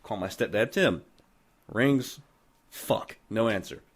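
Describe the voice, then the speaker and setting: Profane, animated male storyteller. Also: fairly low pitch, slow, slightly rough. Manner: profane, animated, heavy cursing. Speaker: podcast host. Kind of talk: casual storytelling.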